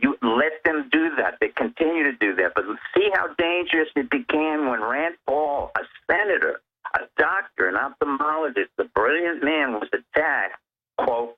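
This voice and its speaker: A man's voice: mid-range voice, animated, moderate pace. Lecturing man on a tinny phone line. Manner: lecturing, lists points one by one. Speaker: phone-in guest. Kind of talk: emphatic political commentary. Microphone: telephone.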